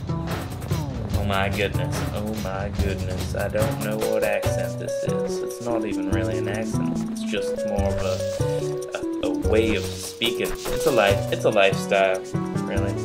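A man giving playful, excitable live commentary on a video game he is playing, with joking mock-tough boasts. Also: fairly low pitch, normal speed, rough recording. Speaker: let's play gamer. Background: loud game music.

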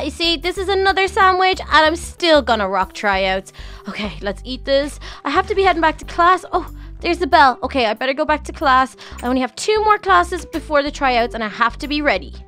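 A woman's voice: high voice, lively intonation, a little fast, fairly bright tone, soft background music. A woman voicing an eager, nervous young schoolgirl, chatting to herself through a game roleplay with gushing exclamations. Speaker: channel host.

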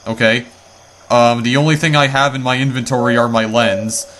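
A man's voice: medium pitch, fairly even intonation, moderate pace, fairly bright tone, slight background noise. A man commenting on a video game as he plays it, often repeating his words when he is unsure. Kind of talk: let's-play commentary.

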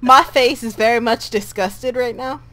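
A woman's voice: on the high side, fairly even intonation, moderate pace, a bit bright. A woman teasing and giggling in casual chat while gaming with friends. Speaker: let's play gamer.

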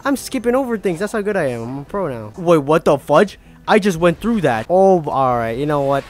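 Exasperated gamer yelling over game music. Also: male voice, a little high, big pitch swings, a little fast. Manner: exasperated, yelling in frustration, swings from mutters to shouts. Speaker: gaming YouTuber. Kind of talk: let's play commentary.

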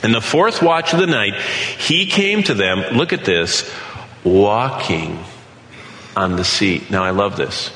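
A man's voice: lowish voice, slow pace, slight background noise. Man preaching in an echoey hall. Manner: animated, asks questions and answers them. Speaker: Bible teacher. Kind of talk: sermon. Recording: echoey hall with long reverb.

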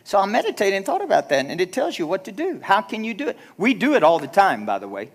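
A man's voice: high voice, huge pitch swings, fast talker. A middle-aged man, a pastor, preaching a chatty, self-deprecating sermon and acting out the dialogue in his stories. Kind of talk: sermon with storytelling. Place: church sanctuary.

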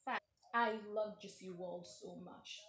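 A young woman, a guest friend in a casual party game, loudly guessing and repeating phrases and giggling. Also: medium pitch, steady tone, unhurried, slight background noise. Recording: echoey room.

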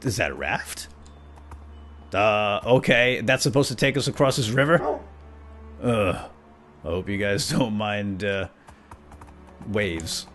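A man's voice: on the low side, slow, pauses often, a bit bright. A man role-playing a bumbling, self-important knight who chatters at his animal companions in a playful, comic manner. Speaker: role-play gamer narrating in character. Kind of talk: comedic in-character role-play. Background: faint background music.

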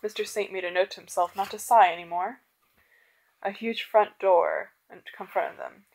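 A woman reading a novel chapter aloud, telling the story in a steady voice. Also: mid-range voice, normal speed, gravelly, low-quality recording. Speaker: reader. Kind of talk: audiobook narration.

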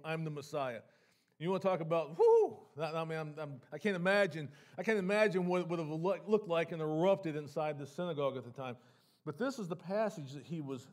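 A male pastor delivering a sermon in a fairly high voice for a man. His preaching is earnest and conversational, full of repeated words and restarted sentences. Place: church sanctuary.

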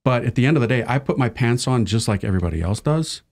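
A man's voice: mid-range voice, expressive, fast, darkish tone. A man who is a Catholic priest, telling stories in a casual, self-deprecating way. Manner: chatty, self-deprecating storytelling. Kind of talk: casual conversation.

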